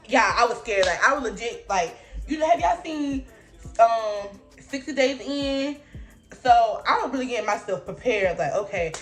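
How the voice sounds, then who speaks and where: A young woman telling a storytime vlog in casual slang, acting out voices with big jumps in pitch. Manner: animated storytelling, acting out her own and others' lines with big pitch jumps. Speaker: vlogger.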